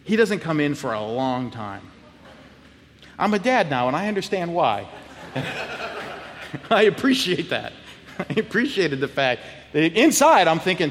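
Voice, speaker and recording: Middle-aged male pastor, high lively voice, animated storyteller who laughs and acts out quotes; long church reverb. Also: moderate pace, long pauses, a little hiss or hum. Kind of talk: sermon storytelling. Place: church sanctuary.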